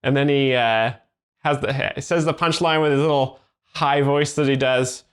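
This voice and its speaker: Deadpan hesitant man explaining jokes. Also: medium pitch, normal speed, clean tone. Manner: deadpan, hesitant, many fillers and restarts. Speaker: joke explainer. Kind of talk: deadpan commentary.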